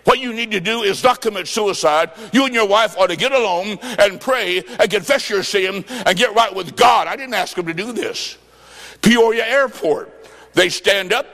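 A man preaching a sermon, telling a story with sudden shouts and sing-song phrases. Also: high voice, moderate pace. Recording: long reverb of a large hall.

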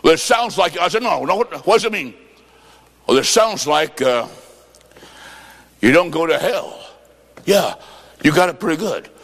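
A man preaching a sermon, telling stories and acting out both sides of a conversation, jokey and emphatic, swinging between loud and soft. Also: a little high, animated, unhurried, long pauses, in a large hall.

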